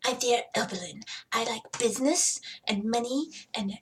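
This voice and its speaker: A woman's voice: a little high, moderate pace, lightly acted. Woman putting on a hissing, spiteful villainess. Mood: vicious. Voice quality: hissing, spitting sibilants. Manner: snarling, petty. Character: vicious, spiteful young businesswoman.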